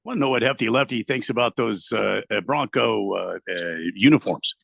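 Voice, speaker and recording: A man co-hosting a sports radio show, excitable and hesitant, with lots of fillers. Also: on the low side, moderate pace, creaky, no echo, studio quality. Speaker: radio co-host. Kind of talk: casual sports talk.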